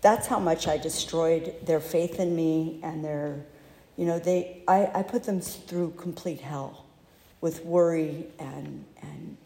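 A woman telling her own recovery story in a candid, halting, self-deprecating way, recorded in a large hall. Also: sits low, steady tone, vocal fry, mellow. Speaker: speaker sharing recovery story. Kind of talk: personal testimony talk. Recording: echoey hall.

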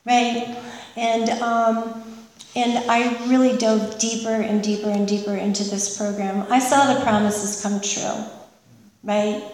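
A woman giving a candid, emotional personal testimony as a speaker at a recovery meeting, often pausing with fillers. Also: medium pitch, a little mellow. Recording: echoey hall from far off.

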